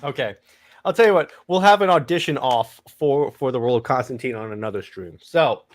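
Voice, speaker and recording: A man hosting a casual comics discussion, animated and often restarting his phrases. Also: mid-range voice, a little fast, a little hiss or hum. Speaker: podcast host. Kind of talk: casual chat.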